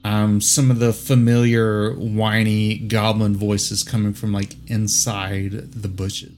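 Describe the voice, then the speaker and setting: A man running a tabletop game as game master, narrating in a relaxed way with many ums and restarts. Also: fairly low pitch, slow, a little hiss or hum.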